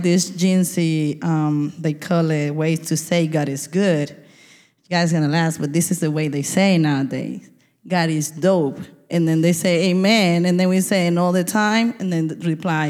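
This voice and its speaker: A woman pastor giving a lively, conversational sermon, laughing often as she preaches. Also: mid-range voice. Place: church sanctuary. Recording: church hall reverb.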